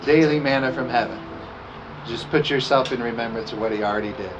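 A man preaching a communion sermon, reading scripture aloud, slowing down on key phrases and leading the congregation in repeating lines. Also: mid-range voice, crowd noise. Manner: emphatic, slows down on key phrases. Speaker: pastor. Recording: dull lo-fi sound with music behind. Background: music playing.

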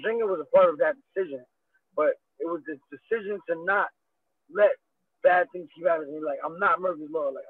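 A man's voice: high-pitched, no echo. A young adult man speaking earnestly as an interview guest, rambling and repeating himself. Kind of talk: candid personal interview. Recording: dry, tinny phone-like line.

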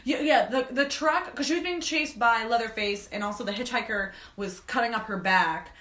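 A woman's voice: a little high, normal speed, a bit bright. Laid-back woman in a roomy echo. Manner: laid-back, swears casually, laughs often. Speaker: podcast co-host. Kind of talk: casual movie chat. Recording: roomy echoey room.

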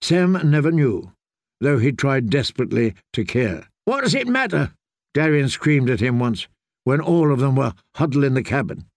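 A man reading a novel aloud as a steady, measured audiobook narrator. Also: mid-range voice, dry recording, studio quality. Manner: slow, steady storytelling. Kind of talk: scripted narration.

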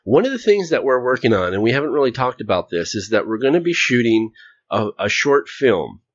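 A man's voice: medium pitch, sing-song, brisk, dry recording. A man hosting a casual podcast, joking and rambling as he tells stories. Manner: jokey, rambling, puts on voices. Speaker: podcast host. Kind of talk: casual chat. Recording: dull, dry lo-fi sound.

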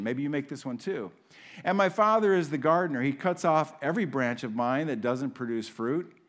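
Male pastor, mid-range voice, conversational scripture teacher who leans on rhetorical questions. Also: medium pitch. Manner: asks listeners many rhetorical questions. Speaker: pastor teaching a Bible study.

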